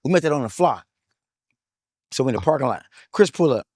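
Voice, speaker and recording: A man in his thirties telling his story in an interview, excitable and hyped, full of "like, like" fillers, street slang and swearing. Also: mid-range voice, brisk, no echo, studio quality.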